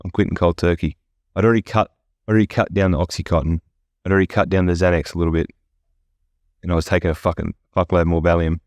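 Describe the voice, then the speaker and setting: Guy, very low voice, dry close sound, candid and foul-mouthed podcast guest. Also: fairly even intonation, quick pace, darkish tone, no echo. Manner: blunt, profane, candid storytelling. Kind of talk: casual podcast interview.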